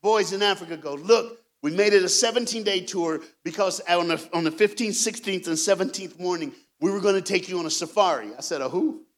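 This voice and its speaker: Animated preacher telling stories. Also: male voice, sits high, fairly quick, few pauses. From Knoxville, Tennessee. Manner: animated, swings from hushed to shouting. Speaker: guest speaker. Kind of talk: storytelling sermon.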